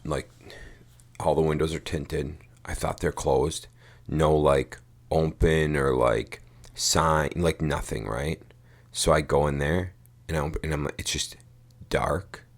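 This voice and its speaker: A man's voice: extremely low pitch, fairly even intonation, takes it slowly. A man co-hosting a podcast, telling a rambling story in casual chat, swearing casually and saying "dude" and "like" a lot. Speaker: podcast co-host.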